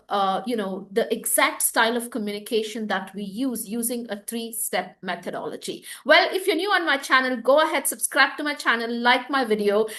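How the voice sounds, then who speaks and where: A woman coach talks through a sales lesson on a webcam with her screen shared. Her voice sits a bit high. She keeps it conversational, dropping "right?" and "okay?" and a lot of fillers as she goes. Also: a bit bright. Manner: conversational, frequent tag questions and fillers. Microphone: video call or webcam with screen share.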